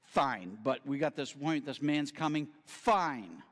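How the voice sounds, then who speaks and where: A man's voice: mid-range voice, animated, slow, long reverb tail. A middle-aged man giving a storytelling sermon as a guest speaker, acting out the voices in his stories.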